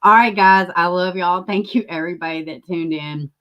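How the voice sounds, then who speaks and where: Woman, low voice, casual livestream chat, rambling, casual swearing. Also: normal speed, sharp tone. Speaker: livestream host.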